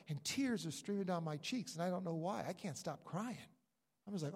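A middle-aged male pastor from New York preaches a sermon with a gravelly, fairly high voice. He tells his story with emphatic repetitions. The sound carries the long reverb of a large hall. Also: brisk, darkish tone.

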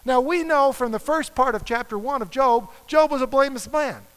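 Male pastor, sermon delivery; very high, bright voice; long hall reverb; dramatic scripture reading. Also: fairly quick, smooth. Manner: reads scripture aloud with dramatic emphasis.

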